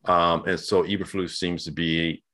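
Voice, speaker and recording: A man co-hosting a casual sports talk show, animated and slangy, often stammering and repeating words. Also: low-pitched, moderate pace.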